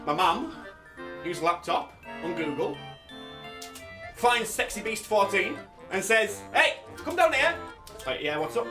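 A young man giving loud, excitable, swear-filled gameplay commentary, shouting often. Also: high-pitched, a little slow, long pauses, distant mic, music in the background. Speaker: gaming YouTuber.

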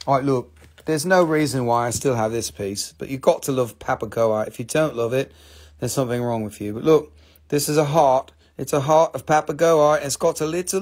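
A middle-aged man runs a live crystal sale, talking in a loose, playful way. His voice has a gravelly fry at mid pitch. He jokes along with viewers and names each stone and its price. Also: normal speed, a little mellow. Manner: playful, chatty, jumps into squeaky high joke voices. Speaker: live-stream crystal seller. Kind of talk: casual live sales chat.

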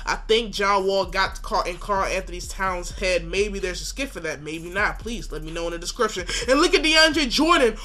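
A man giving excited play-by-play commentary on his own basketball video game, joking and trash-talking as he goes. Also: high-pitched, moderate pace, hardly any pauses. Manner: animated, hypes plays, jokes and trash-talks. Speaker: gaming commentator.

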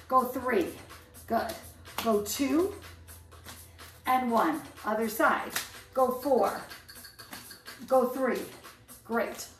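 A woman's voice: a little high, far from the mic. A woman fitness instructor leading a band workout, counting down reps with upbeat cues and chatty asides. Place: indoor room, filmed alone. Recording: echoey room, off-mic, faint music.

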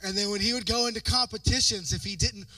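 A man preaching a sermon as pastor, telling stories with lively acted-out voices. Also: high-pitched, quick pace, dry recording, recorded from a distance, poor audio. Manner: animated storytelling with acted-out voices. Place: church sanctuary.

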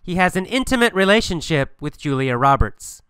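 A man's voice: on the high side, moderate pace, clean tone, no echo, studio quality. A man teaching English through a funny mini story, asking and answering simple questions with strong emphasis. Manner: animated, repetitive, emphatic questioning.

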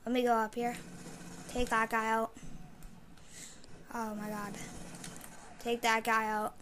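A woman giving live commentary while playing a shooter game, mostly muttering low with sudden loud outbursts. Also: little pitch movement, slow pace, slight background noise. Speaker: gamer streaming live play.

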